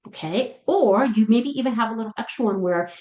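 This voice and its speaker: A woman who trains dogs, giving a casual lesson to pet sitters in a chatty way and acting out dogs and sitters in quick voices. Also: on the high side, darkish tone. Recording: echoey room, dull lo-fi sound.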